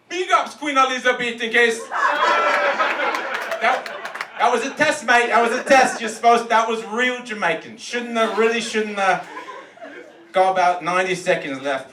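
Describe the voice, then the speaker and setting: A comedian plays William Shakespeare as a swaggering London roadman, loud and rambling in heavy street slang, his voice pitched high. The sound is echoey and distant, with clear noise around him in the comedy club. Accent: London roadman slang (put on). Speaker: roast comedian.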